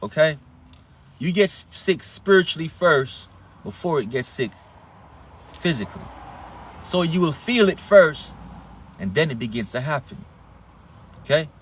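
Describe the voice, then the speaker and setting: A man's voice: on the high side, animated, measured pace, long pauses. Man, accented, swearing lecturer, casual preachy monologue, faint noise behind. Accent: non-standard English accent. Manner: profane, emphatic, lecturing, repeats words. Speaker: online health talk host.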